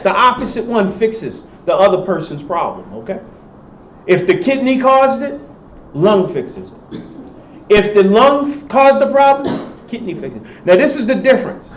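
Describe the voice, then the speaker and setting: A male professor giving a classroom lecture, quizzing students and answering his own questions. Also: high voice. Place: lecture hall. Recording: echoey lecture hall, dull sound, faint hiss.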